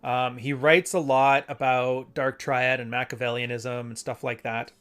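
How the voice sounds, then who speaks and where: A man's voice: mid-range voice, level tone, unhurried, fairly bright tone, clear, resonant tone. A man hosting a live stream, talking casually and rambling as he reads passages aloud and corrects himself mid-sentence. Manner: rambling, conversational, self-correcting. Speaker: host.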